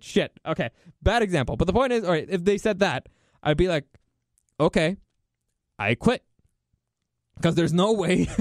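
A fired-up man hosts his own commentary show and rants hard, swearing often and pressing his points with emphasis. His voice sits high for a man. The recording is dry, with no room sound. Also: no room sound. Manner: ranting, profane, emphatic. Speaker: podcast host. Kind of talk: opinionated solo commentary.

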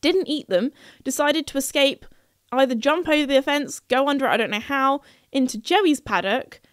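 A woman's voice: high-pitched, moderate pace, dry recording, clean studio sound. A young woman hosting a podcast, telling a story in a chatty, playful way and laughing at herself. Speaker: podcast host.

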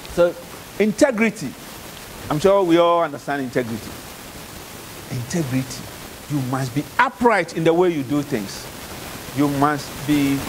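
A Ghanaian-accented man teaches a university class, his voice sitting somewhat high as he repeats key ideas and keeps checking in with the students. He quizzes them directly and waits for answers. A faint hiss runs under the recording. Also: poor audio. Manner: repetitive, checks understanding with "okay?" and calls on students. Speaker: university lecturer. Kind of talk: classroom lecture with questions to students.

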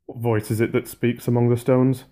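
A man voicing a grave, sure-footed soldier who speaks in an earnest, measured way. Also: mid-range voice, flat delivery, dark tone, lightly acted.

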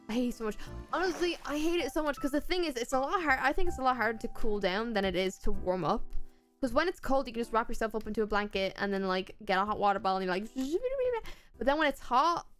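Chatty Irish woman streamer, higher voice. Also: a bit bright. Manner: rambling, chatty, playful asides. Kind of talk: casual chat while gaming.

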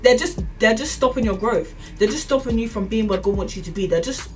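A woman's voice: a little high, lively intonation, a little fast, far from the mic, faint music behind. A young woman, ranting casually to camera with lots of fillers and earnest, preachy encouragement. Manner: rambling, repeats itself, many fillers like "like" and "as in". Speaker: vlogger.

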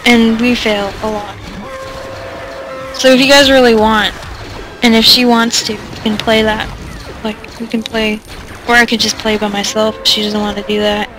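A woman's voice: fairly high pitch, flat delivery, moderate pace, long pauses, a bit bright, faint music behind. A woman casually commenting over gameplay, rambling and self-deprecating, with lots of fillers and giggles. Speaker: let's play commentator.

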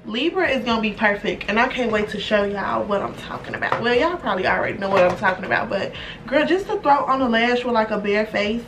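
A young woman chatting excitedly and casually through a makeup unboxing, full of slang and swearing. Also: fairly high pitch, fast talker. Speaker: beauty vlogger. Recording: distant mic with background noise.

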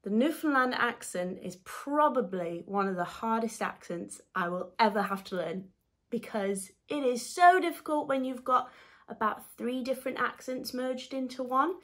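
A woman in the cast of a musical, giving chatty, animated interview answers from home. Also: fairly high pitch, moderate pace. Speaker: musical theatre cast member. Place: home during lockdown.

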